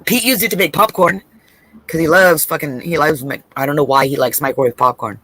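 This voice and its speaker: A woman's voice: low voice, brisk, fairly bright tone, breathy edge. A woman in casual chat on a video call, swearing freely, rambling and laughing as she tells stories during a trivia game. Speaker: co-host playing a trivia game.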